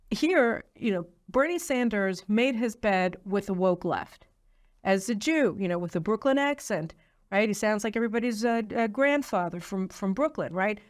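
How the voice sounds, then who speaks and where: A woman hosting a political commentary show, talking in an opinionated way with many fillers. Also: medium pitch. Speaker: host.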